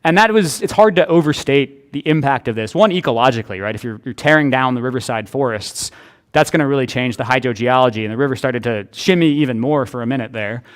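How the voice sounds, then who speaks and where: A man gives a lunchtime history lecture in a relaxed, conversational way. His voice sits at an ordinary middle pitch, and he often restarts phrases as he thinks aloud. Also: quick pace. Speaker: author giving a history lecture. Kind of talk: public history talk.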